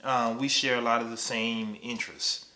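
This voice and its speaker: A man in his thirties talks casually with his wife, teasing her and laughing between lines. His voice has a bright, forward tone. The room around him is roomy and echoey. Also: medium pitch, fairly even intonation, normal speed, a little hiss or hum. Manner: teasing, playful, full of laughs and filler words. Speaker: husband on a couples channel. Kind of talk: casual couple chat.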